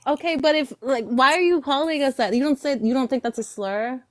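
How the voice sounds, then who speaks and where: A woman's voice: high-pitched, fairly quick. A young woman from western Pennsylvania calling into a live stream, defensive and pushing back with questions. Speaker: caller.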